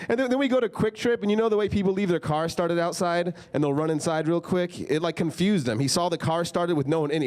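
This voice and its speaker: Young guy doing stand-up, slightly high voice, rambling and casual, lots of "like"s. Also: fast talker, few pauses, darkish tone. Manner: casual, filler-heavy storytelling with frequent "like". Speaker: stand-up comedian. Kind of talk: stand-up comedy set. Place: comedy club stage.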